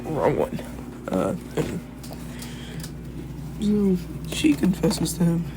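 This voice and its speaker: A man's voice: on the high side, expressive, slow pace, gravelly, noisy background. Rambling young man telling a story. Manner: rambling, full of "like", self-correcting. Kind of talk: casual fan-fiction storytelling.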